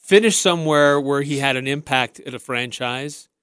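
A man's voice: medium pitch, moderate pace, fairly bright tone, clear, resonant tone, no room sound. A man hosting a sports talk radio show in a studio, friendly and chatty, often restarting his sentences.

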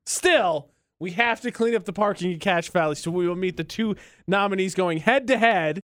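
A high-pitched man trades sarcastic banter as a radio co-host, piling on mock outrage as he tells a story. His voice is close and dry, with no room sound behind it. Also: normal speed, a bit bright, no echo.

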